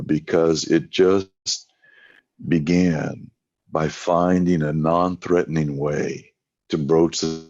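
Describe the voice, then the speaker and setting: A man's voice: rumbling low, a little mellow, no echo. A male evangelist telling folksy stories in an interview, often acting out what people said. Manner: folksy anecdotes with acted-out quotes. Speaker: evangelist guest. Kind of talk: storytelling in a podcast interview. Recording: dull lo-fi sound.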